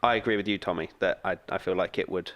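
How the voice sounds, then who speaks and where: A man's voice: low-pitched, fairly even intonation, fast, a bit bright. A man co-hosting a casual motorsport podcast, asking questions and restarting his sentences. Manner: hesitant, restarts, asks questions. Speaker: podcast co-host. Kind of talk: casual chat.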